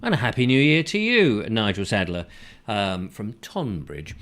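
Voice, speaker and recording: A man's voice: lowish voice, huge pitch swings, moderate pace, fairly bright tone. A man from England hosting a comic live chat show, joking and chatting, slipping into silly voices. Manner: playful, drifts into silly put-on voices. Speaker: show host.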